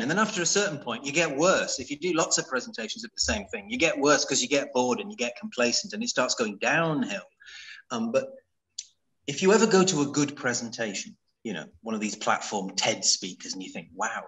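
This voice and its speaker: A man's voice: medium pitch, a bit bright, rough recording. A man presenting a coaching workshop, answering questions conversationally on a video call, with anecdotes and rhetorical questions. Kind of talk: webinar Q&A answers.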